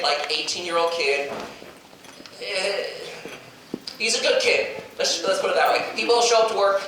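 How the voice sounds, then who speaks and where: High-voiced man doing stand-up in an echoey hall. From New York. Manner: animated storytelling, rising to incredulous shouts. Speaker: stand-up comedian. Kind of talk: stand-up comedy set. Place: convention hall stage. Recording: echoey hall from far off, noisy. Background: crowd laughter.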